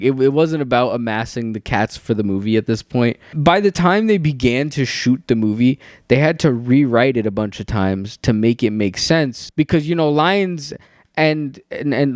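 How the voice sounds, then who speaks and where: A young man giving ranting, sarcastic commentary, animated and full of swearing. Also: fairly high pitch, dry recording, clean studio sound. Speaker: YouTuber.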